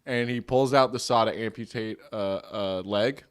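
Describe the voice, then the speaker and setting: A man's voice: medium pitch, moderate pace, smooth. A man co-hosting a comedy podcast, telling a story in casual chat, laughing often and acting out quoted lines. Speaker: podcast co-host.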